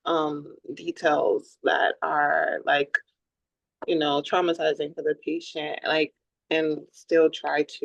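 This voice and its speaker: Hesitant person asking a question on a call, slow, lots of ums, kinda muffled dry audio. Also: mid-range voice, creaky, a bit bright, no echo. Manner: hesitant, many fillers like "um" and "like". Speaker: training participant. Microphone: video call.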